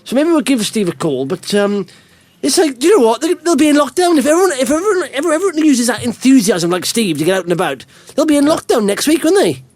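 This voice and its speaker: A man hosting a casual podcast, joking and animated, with frequent restarts and laughs. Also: very high voice, fast talker. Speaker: podcast host. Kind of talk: casual banter.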